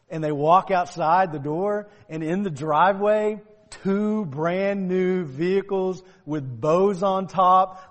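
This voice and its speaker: A man preaching a sermon to his church, talking conversationally and rising to emphatic shouts. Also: high-pitched, big-room sound. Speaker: pastor. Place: church sanctuary.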